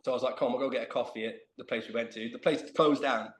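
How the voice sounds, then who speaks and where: Animated man telling a story in an echoey room. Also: mid-range voice, racing. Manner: animated, self-mocking storyteller. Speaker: guest. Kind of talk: casual storytelling chat. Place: remote video call.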